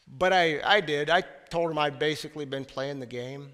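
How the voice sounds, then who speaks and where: Male pastor, high voice, talky sermon delivery, church reverb. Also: moderate pace, a bit bright. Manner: conversational preaching with asides. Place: church sanctuary.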